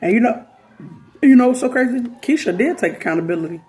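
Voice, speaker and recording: A woman, telling a story in casual commentary, animated and slangy, acting out the quoted voices. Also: a little high, quick pace, soft background music.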